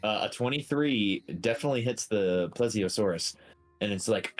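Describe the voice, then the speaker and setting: A man's voice: lowish voice, animated, moderate pace, faint music behind. A man narrating as game master of a tabletop game, with a playful, jokey manner.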